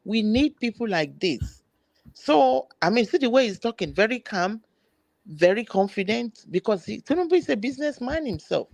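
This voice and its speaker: A woman's voice: fairly high pitch, very animated, normal speed, vocal fry, a little mellow, dry recording. A woman on a political discussion panel, earnestly defending her view in casual talk.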